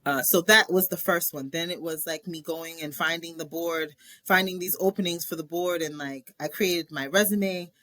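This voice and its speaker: A woman guest on a podcast, telling a personal story in animated conversation and acting out other people's words. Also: lowish voice, normal speed, no echo. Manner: animated, acts out people's lines in a raised voice; frequent fillers and restarts.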